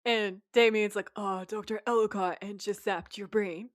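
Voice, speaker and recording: A woman's voice: medium pitch, fairly even intonation, normal speed, no room sound, clean studio sound. A woman co-hosting a podcast, casually recapping an episode and quoting the characters' lines as she goes. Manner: retells scenes while quoting the characters' lines. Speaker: podcast co-host.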